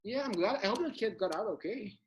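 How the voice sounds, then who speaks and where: A man's voice: sits high, expressive, quick pace, slight background noise. A young man co-hosting a podcast, chatting casually and often repeating words as he starts a thought. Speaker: podcast co-host. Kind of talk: casual chat.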